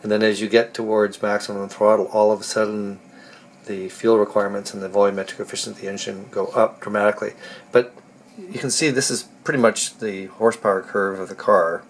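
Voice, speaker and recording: Guy with a cold, kinda hoarse, low flat voice, lots of ums, walking thru car tuning, faint hiss behind. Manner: halting, many ums and restarts, thinking aloud. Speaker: car restorer explaining engine tuning. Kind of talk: casual technical walkthrough.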